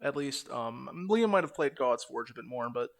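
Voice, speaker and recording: A man's voice: mid-range voice, lively intonation, normal speed, creaky. A young man co-hosting a podcast, chatting casually, ranting animatedly with lots of swearing. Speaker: podcast co-host. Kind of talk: casual chat.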